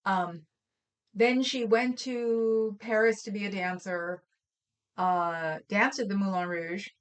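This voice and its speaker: A woman's voice: mid-range voice, steady tone, slow. Chatty woman co-hosting a stream. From Oakland, California. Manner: rambling, storytelling, trails off with fillers. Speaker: livestream co-host. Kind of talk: casual chat.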